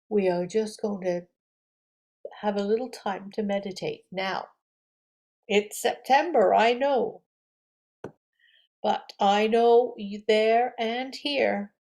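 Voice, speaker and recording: A woman yoga teacher gently leading affirmations and breathing for a guided meditation. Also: medium pitch, vocal fry. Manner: gentle, slow, encouraging, with audible breaths.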